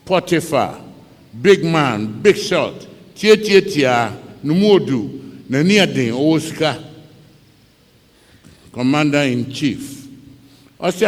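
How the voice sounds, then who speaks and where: A man's voice: fairly high pitch, animated, slow pace, long pauses. A man with a Ghanaian accent preaching a sermon, telling a story dramatically and mixing English with Twi. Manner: dramatic storytelling, switching between English and Twi, acting out cries. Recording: long reverb of a large hall.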